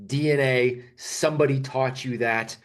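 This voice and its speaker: A man's voice: mid-range voice, fairly even intonation, measured pace. A man hosting a podcast, giving casual encouragement and stacking several questions in a row. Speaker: podcast host. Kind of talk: casual interview.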